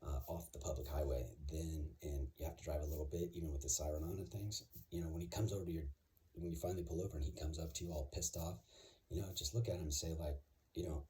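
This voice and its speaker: A man's voice: a bass voice, steady tone, fast talker, warm tone, a little hiss or hum. A man talking casually and confidently, rambling with many fillers and restarts. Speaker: vlogger. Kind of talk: casual monologue.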